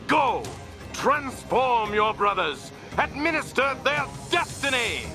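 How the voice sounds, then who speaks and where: Commanding cartoon mad-scientist villain. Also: male voice, very high-pitched, big pitch swings, takes it slowly, exaggerated voice. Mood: menacing. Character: scheming villainous mad scientist, male adult. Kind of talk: 1990s cartoon voice acting. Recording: cartoon audio played back with music.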